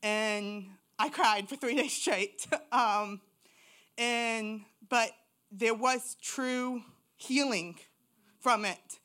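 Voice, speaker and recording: A woman's voice: fairly high pitch, extremely slow, a bit bright. A woman telling her personal faith testimony in church, raw and candid. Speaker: church member giving testimony.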